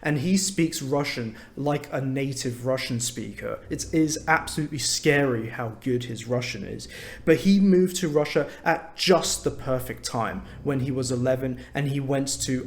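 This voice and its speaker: English man, young adult, English accent, clear measured teacher, mid-pitched voice. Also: darkish tone. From England. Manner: measured, clear, explains words plainly. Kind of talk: explanatory talk to camera for learners.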